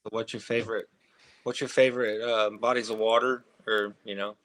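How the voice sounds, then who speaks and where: A man hosting an interview on a video call, asking short halting questions and giving quick acknowledgments. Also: on the low side, little pitch movement, fairly bright tone. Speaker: interviewer host.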